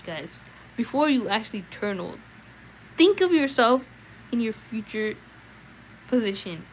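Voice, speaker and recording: A young adult woman streaming a read-aloud, chatting casually with viewers in an animated, filler-heavy way. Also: fairly high pitch, unhurried, pauses often, a little hiss or hum, poor audio.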